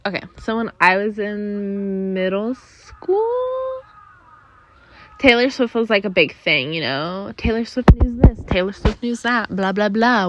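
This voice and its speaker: Slight background noise accompanies a young podcast host as she rambles casually through the week's news, sighing and using many fillers while suffering from allergies. She has a mid-range, slightly bright voice.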